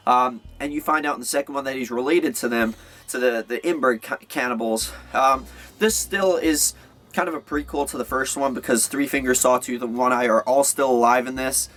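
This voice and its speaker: A man's voice: mid-range voice, moderate pace, fairly bright tone. A young man giving a casual, rambling movie review, full of fillers and restarts.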